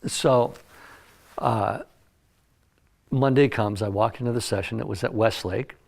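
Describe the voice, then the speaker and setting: An older music producer with a gravelly, lowish voice tells stories from the recording studio in a casual interview, taking his time. He's a lively anecdote-teller who acts out the quotes.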